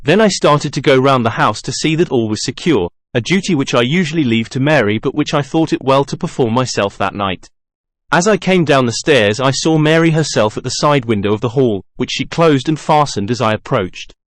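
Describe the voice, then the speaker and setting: Measured male audiobook narrator. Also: mid-range voice, expressive, no echo, clean studio sound. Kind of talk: audiobook narration in first person.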